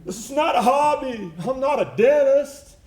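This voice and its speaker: A man's voice: high voice, expressive, a little slow, darkish tone, pitched above the performer's own voice. A man playing an elderly male bar owner and violinist who speaks with grand, world-weary, mock-dramatic flair. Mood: defiant. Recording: echoey live theater recording.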